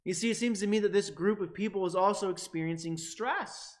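A pastor in his forties delivers a sermon with a fairly high-pitched voice. He leans hard on key words and often restarts his phrases as he builds his point. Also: fairly quick. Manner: emphatic, rising loud on key words, many restarts.

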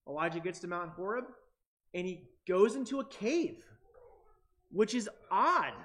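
A man preaching a sermon in a reflective way, with long dramatic pauses. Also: high voice, a bit bright. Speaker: pastor.

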